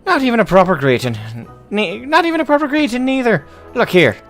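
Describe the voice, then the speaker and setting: A man voicing a boisterous, gruff old dwarf hunter in a high, exaggerated brogue-like voice with hearty, blustering delivery. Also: wildly swooping pitch, moderate pace, faint music behind. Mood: indignant. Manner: hearty, blustering, loud greetings.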